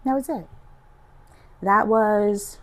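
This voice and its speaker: A middle-aged woman, a podcast guest, giving an emotional personal testimony in an expressive, animated storytelling manner. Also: medium pitch, takes it slowly, slight background noise. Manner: expressive, animated storytelling, voices her past self.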